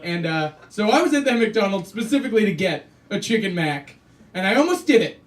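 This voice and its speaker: A man doing a stand-up comedy set on a small cafe stage, dry and deadpan with sudden loud punchlines. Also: high voice, brisk, distant mic.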